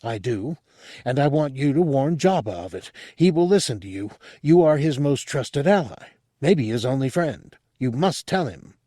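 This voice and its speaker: A man's voice: mid-range voice, animated, moderate pace, warm tone, no room sound, studio quality, lightly acted. A man voicing a scheming male alien who urges and persuades. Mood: urgent.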